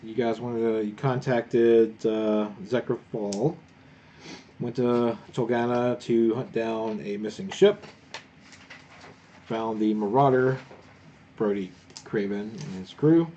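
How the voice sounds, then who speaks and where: A man's voice: mid-range voice, fairly even intonation, takes it slowly, pauses often, warm tone, dull audio, slight background noise. A man running a tabletop game as game master, recapping and narrating in a laid-back way.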